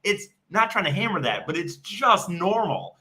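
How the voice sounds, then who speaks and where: Bright, lively male podcast co-host. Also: high-pitched, moderate pace. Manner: chatty, explains at length with many restarts. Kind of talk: casual podcast chat.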